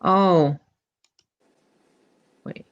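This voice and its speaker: A woman hosting a casual crafting livestream, chatty and quick to laugh. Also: dull audio. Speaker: livestream host. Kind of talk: casual chat.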